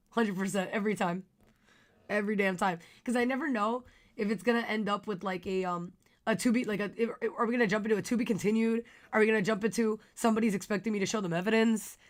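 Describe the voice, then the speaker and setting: A young woman streaming a game, chatting casually with her viewers, her voice worn and a little raspy. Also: medium pitch, steady tone, fast talker. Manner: chatty, giggly, talks to chat. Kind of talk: casual live-stream chat.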